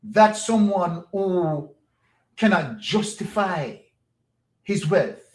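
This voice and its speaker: A man's voice: sits high, lively intonation, very slow, roomy sound. A Jamaican man giving an opinionated political monologue as a commentator, pressing his points with rhetorical questions and repetition.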